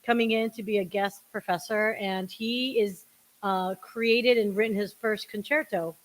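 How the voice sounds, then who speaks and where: A woman's voice: medium pitch, steady tone, moderate pace. A woman co-hosting a podcast in casual chat, laughing and rambling with fillers while sharing one microphone. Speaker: podcast co-host and producer. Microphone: one shared microphone.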